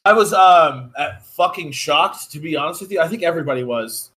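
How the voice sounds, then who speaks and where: Man, relaxed podcast co-host, high voice, casual swearing. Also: brisk. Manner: laid-back, profane. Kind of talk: casual chat.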